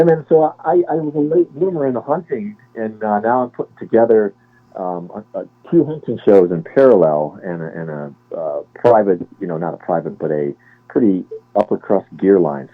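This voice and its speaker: A man in his forties from Cleveland, a guest on an interview, talking in a relaxed, chatty way and often correcting himself. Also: deep voice, breathy edge. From Cleveland, Ohio. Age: 40s. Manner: relaxed, chatty, laughs easily, self-correcting. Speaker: guest, former Navy sniper. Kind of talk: casual interview chat. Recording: tinny phone-line audio.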